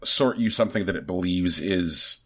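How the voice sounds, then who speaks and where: A man's voice: sits low, moderate pace, husky. A man co-hosting a podcast, rambling a bit as he searches for his words. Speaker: podcast co-host. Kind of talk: casual podcast chat.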